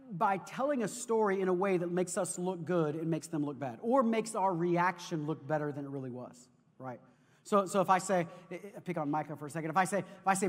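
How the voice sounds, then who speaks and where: High-voiced preacher in a reverberant hall. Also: male voice. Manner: animated storytelling preacher, repeats words. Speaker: pastor. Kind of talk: sermon. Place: church sanctuary. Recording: long reverb of a large hall.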